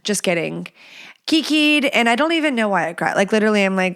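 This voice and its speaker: A woman's voice: medium pitch, big pitch swings, brisk, fairly bright tone, smooth. Chatty woman hosting a podcast. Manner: chatty, rambling, self-mocking, drops into whispers. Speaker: podcast host. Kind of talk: casual solo podcast chat. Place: home.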